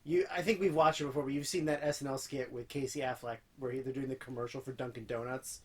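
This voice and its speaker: A man's voice: medium pitch, fairly even intonation, fast talker, low-quality recording. A man co-hosting a podcast, trading dry, teasing banter in casual chat. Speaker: podcast co-host.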